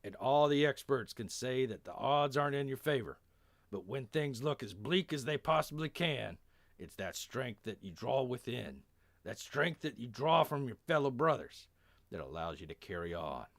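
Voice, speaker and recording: A man doing a Texan army lieutenant, steady and earnest, lively pitch, dry close sound. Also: normal speed, gravelly, no room sound. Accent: Texan (put on).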